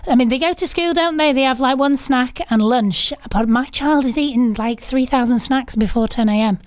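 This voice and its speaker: A woman's voice: sits high, normal speed, smooth, no echo. A woman in her thirties presenting a casual radio chart rundown, chatty with cheeky asides and self-deprecating jokes. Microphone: studio microphone.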